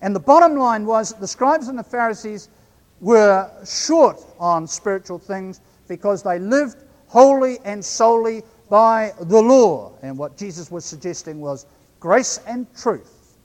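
A man's voice: high voice, expressive. New Zealand man preaching in echoing hall. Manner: measured, slows right down for emphasis. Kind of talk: sermon.

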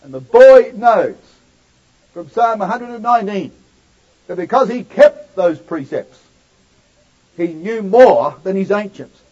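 A male preacher delivering a sermon, swinging from loud declaiming to near-hushed asides. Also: sits high, lively intonation, a little slow, pauses often. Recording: dull lo-fi recording.

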